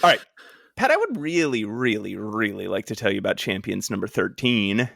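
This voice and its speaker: A man's voice: lowish voice, sing-song, normal speed, vocal fry, a bit bright, no echo, clean studio sound. A tired man co-hosting a comic book podcast, cracking up often through punchy banter. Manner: giggly, punchy, exhausted banter. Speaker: podcast co-host.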